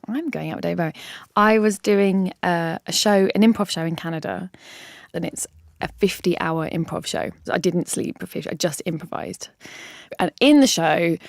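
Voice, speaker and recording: A woman comedian telling stories as a podcast guest, animated and laughing often. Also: on the low side, dry recording, clean studio sound. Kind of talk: casual interview chat.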